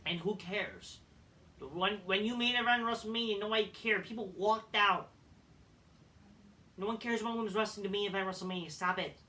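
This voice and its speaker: Man ranting about wrestling, profane, blunt, restarts, high sharp voice, distant mic. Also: fairly quick. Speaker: wrestling show reviewer. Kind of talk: ranting commentary.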